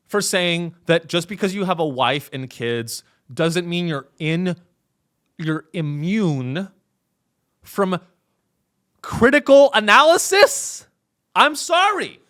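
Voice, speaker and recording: Sarcastic man with a lively, bright voice. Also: high voice. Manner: sarcastic, mocking, swings between deadpan and exasperated. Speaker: comedian podcast host. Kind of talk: sarcastic comedic monologue.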